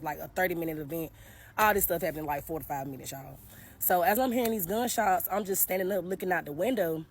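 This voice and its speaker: A woman's voice: lowish voice, slight background noise. A woman telling a personal story straight to camera in a casual vlog, speaking earnestly and with feeling, often addressing the viewers directly. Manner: recounts events in a halting, emotional way. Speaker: vlogger telling her own story.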